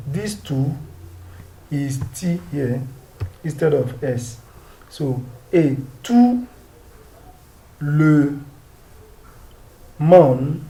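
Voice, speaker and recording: A man's voice: on the high side, expressive, drawn-out words, long pauses, mellow, poor audio. A man with a Nigerian English accent teaching French pronunciation, patiently drilling words and asking rhetorical questions. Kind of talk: pronunciation lesson.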